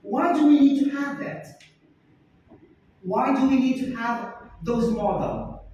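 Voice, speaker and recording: A man teaching English to a class, loud and insistent, drilling the same points over and over and slowly calling on students to answer. He is recorded from far off in a very echoey classroom, with faint room noise behind him. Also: very high voice, muffled recording. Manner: loud, emphatic, quizzes students and repeats points. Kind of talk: classroom lesson.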